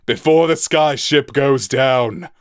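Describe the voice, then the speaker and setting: Fierce wounded sky-pirate captain bellowing orders, voiced by a man, raised and loud. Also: medium pitch, slow pace, no echo, clean studio sound, voice pushed up, lightly acted. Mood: roaring. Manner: gruff roaring commands.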